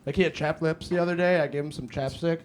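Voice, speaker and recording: A young male comedian with a fairly high voice works a club stage, spinning loose, profane stories and jumping into the dialogue. The live recording carries a steady layer of noise under his handheld mic. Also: fast. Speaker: stand-up comedian. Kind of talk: stand-up comedy set.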